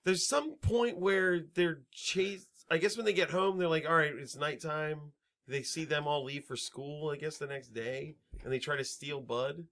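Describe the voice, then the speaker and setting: A man's voice: a little high, normal speed, hardly any pauses, fairly bright tone. A man co-hosting a podcast, recapping a movie plot in a rambling, profane way. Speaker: podcast co-host. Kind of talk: casual comedic chat.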